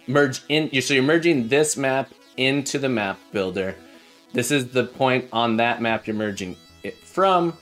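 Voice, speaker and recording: A man's voice: mid-range voice, a bit bright. Friendly man thinking aloud while coding. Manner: halting, full of fillers and restarts; friendly, chatty with viewers. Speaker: live coding streamer.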